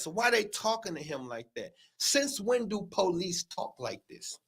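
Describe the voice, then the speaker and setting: Male livestream host, strikingly high, bright, forceful voice; heated, profane, emphatic commentary. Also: sing-song, measured pace, hardly any pauses, slightly rough. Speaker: show host.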